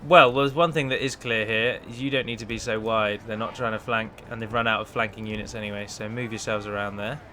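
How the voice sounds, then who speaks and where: A man's voice: fairly low pitch, steady tone, fairly quick, hardly any pauses, sharp tone, slight background noise. A man hosting a let's play, chatting through a strategy battle and breaking down unit stats in a casual, analytical way. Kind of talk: casual gameplay commentary.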